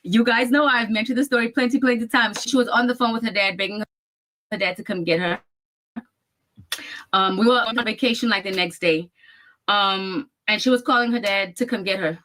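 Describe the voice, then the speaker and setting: A woman tells a family story straight to her viewers in a casual vlog. She speaks emphatically and acts out what each person said. Her voice sits at an ordinary middle pitch. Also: fairly even intonation, moderate pace, a bit bright. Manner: emphatic retelling that acts out other people's lines, addresses viewers as y'all. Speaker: storyteller in her own video.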